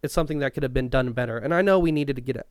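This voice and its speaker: A man's voice: medium pitch, rapid-fire, smooth, dry recording, clean studio sound. A young man co-hosting a podcast, talking loosely in a rambling way and swearing often. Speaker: podcast co-host. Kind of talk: casual chat.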